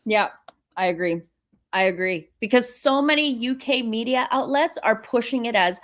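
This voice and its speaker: A woman with a fairly high voice speaks as a guest on a live stream. She makes her points bluntly and with emphasis. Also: moderate pace. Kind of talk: casual live-stream chat.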